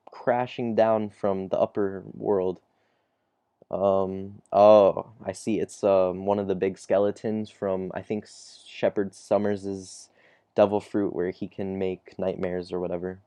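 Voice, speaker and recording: Man, low mellow voice, dry close sound; casual recap reader who chuckles and trails off. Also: level tone, a little slow, smooth, no echo. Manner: chuckles often, trails off mid-sentence. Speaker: comic chapter reviewer. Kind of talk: casual recap reading dialogue aloud.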